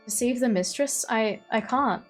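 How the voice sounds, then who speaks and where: A woman's voice: on the high side, normal speed, faint music behind, natural voice. Timid loyal assistant, read by a woman, hesitant and deferential, Australian accent. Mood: distressed.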